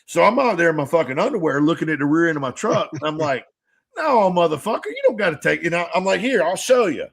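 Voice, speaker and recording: A man with a fairly high voice co-hosts a casual podcast chat. He tells long, rambling stories, plays out both sides of conversations, and curses freely. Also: very animated, fast talker, creaky. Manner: rambling storyteller who swears freely and acts out conversations. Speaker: podcast co-host.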